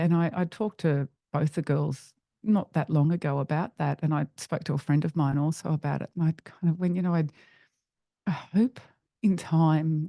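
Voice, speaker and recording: Middle-aged woman guest telling her story, mellow fry in the voice, halting restarts, dead dry sound. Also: sits low, no room sound. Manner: earnest, halting, with frequent restarts. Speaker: podcast guest. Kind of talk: personal storytelling in an interview.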